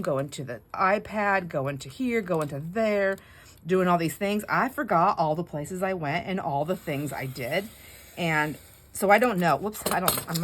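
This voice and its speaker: A woman's voice: fairly low pitch, fairly bright tone. A middle-aged woman hosting a craft video, chatting in a rambling, digressive way while she cuts board, often breaking off mid-sentence and laughing. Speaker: craft channel host.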